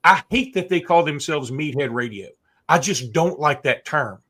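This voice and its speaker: A man co-hosting a college football podcast, talking in a rambling, animated way with many restarts. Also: on the high side, normal speed. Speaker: sports podcast co-host. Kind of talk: casual sports chat.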